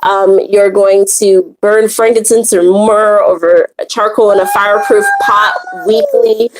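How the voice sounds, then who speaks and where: A woman's voice: mid-range voice, sing-song, a little slow, rough recording. Chatty woman hosting a spiritual circle. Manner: chatty, rambling, with many fillers and restarts. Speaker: host of a women's spiritual circle. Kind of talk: casual teaching livestream.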